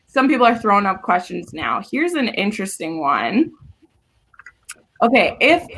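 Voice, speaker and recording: A woman hosting a casual live book discussion over a video call, enthusiastic and quick to laugh. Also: medium pitch, fairly bright tone. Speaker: host.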